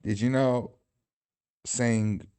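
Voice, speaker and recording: Man, livestream host, loose rambling delivery, mid-pitched, casual chat. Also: steady tone, drawn-out words, dark tone, smooth. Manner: rambling, distracted, swearing.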